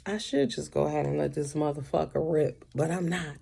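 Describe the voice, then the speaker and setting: Sassy, gravelly woman ranting at home. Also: low-pitched, fairly quick, warm tone. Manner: blunt, sassy, heavy cursing. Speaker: commentary vlogger. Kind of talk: profane rant to camera.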